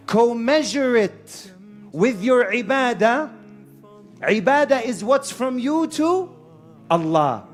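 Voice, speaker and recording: A man preaching a lively sermon to a live audience in a hall, mixing Arabic phrases into his English. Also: extremely high pitch, slow, faint music behind. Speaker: Islamic preacher. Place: hall with a sound system and echo.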